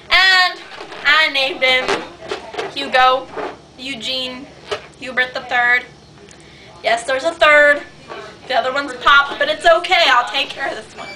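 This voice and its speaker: A woman improvising a silly comic story in a rambling, giggly, chatty way. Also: high voice. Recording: distant mic, noisy home video.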